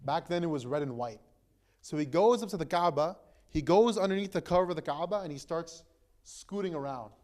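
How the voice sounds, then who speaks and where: A young man, an imam, retelling a story to a gathering in a relaxed, conversational way, full of fillers and restarts. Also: on the high side, fairly quick. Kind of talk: casual storytelling talk.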